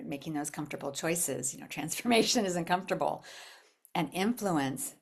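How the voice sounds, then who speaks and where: Female workshop leader, low voice, expressive, acts out quotes, drops to whispers. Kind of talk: live workshop teaching to a group.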